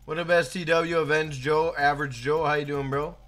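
A man's voice: a little high, fairly even intonation, brisk, faint music behind. A young man live-streaming a game, chatting casually and hyping up his chat by name. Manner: hyped, shouts out chat names.

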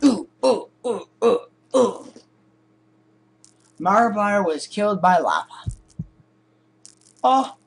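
A man's voice: sits high, expressive, takes it slowly, gravelly, pauses often, breathy edge. A man commentating on a horror game, sarcastic and jokey, swearing now and then. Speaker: gaming video host.

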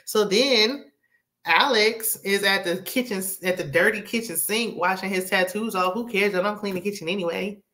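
A woman recaps a reality TV episode in a casual, sassy voice. She chats at an easy mid pitch, tossing in blunt asides and playful jabs as she goes. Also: moderate pace. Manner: sassy, chatty, animated asides. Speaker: TV recap host.

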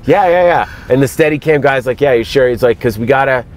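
A man telling animated stories as a guest in a moving car, acting out quotes in other voices. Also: medium pitch, quick pace. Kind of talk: casual storytelling in a car.

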